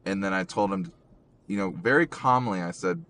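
A young man hosting a casual podcast, talking haltingly with many ums and restarts, in an emotional way, from a car. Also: sits low, a bit bright, a little hiss or hum. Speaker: podcast host.

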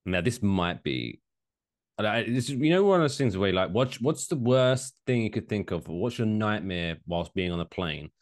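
A man co-hosting a casual podcast chat, animated and profane, slipping into mocking quoted voices. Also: fairly low pitch, normal speed. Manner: animated, swearing, jokey mock quotes. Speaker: podcast co-host.

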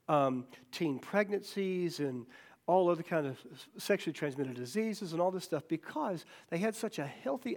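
A middle-aged male pastor giving a folksy, joking sermon, checking in with "okay?" and "right?" and acting out the voices in his stories. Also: high-pitched. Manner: acts out quoted voices in stories.

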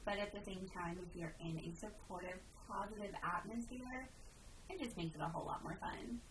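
A woman with a fairly low voice speaks briskly as she wraps up an episode of her casual podcast, chatting as a wedding professional. The mic is distant, and background noise is clearly audible.

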